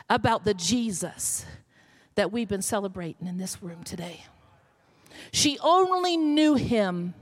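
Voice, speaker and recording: A middle-aged woman pastor, telling a story in a sermon that builds to emphatic calls. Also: fairly high pitch.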